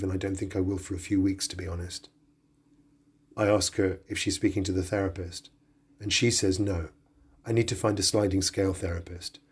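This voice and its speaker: A man narrating a documentary podcast in a measured, sober reading. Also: low voice, a little mellow, husky. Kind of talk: scripted narration.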